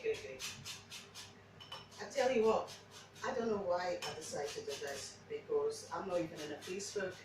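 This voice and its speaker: A woman's voice: fairly low pitch, heavy reverb, far from the mic, noisy background. A woman who speaks English as a second language, chatting casually through a cooking demo with lots of restarts. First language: not English. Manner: chatty, rambling, frequent restarts. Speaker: home cook. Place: home kitchen.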